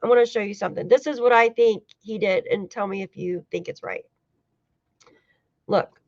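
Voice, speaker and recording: With a medium-pitched, darkish voice at normal speed, a woman from the United States hosts a casual true-crime livestream. She talks loosely to her chat, swears occasionally and laughs a lot, in dull, dry lo-fi audio with no room sound.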